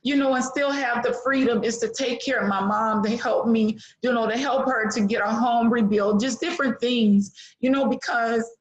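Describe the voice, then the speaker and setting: A woman's voice: a little high, steady tone, moderate pace, few pauses, low-quality recording. A middle-aged woman giving a heartfelt, preachy testimonial on an online call, full of fillers. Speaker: webinar participant giving a testimonial. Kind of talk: emotional testimonial.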